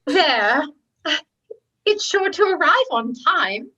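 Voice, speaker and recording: Woman doing a high bright coaxing bridesmaid, dull recording. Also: very animated, slow pace, full character voice.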